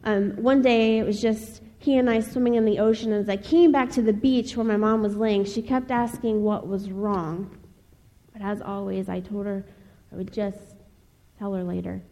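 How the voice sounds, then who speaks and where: A young woman from Ohio giving a personal testimony speech, telling her story in an earnest, measured way with pauses. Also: medium pitch, steady tone, warm tone. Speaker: speaker. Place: chapel. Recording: long reverb of a large hall.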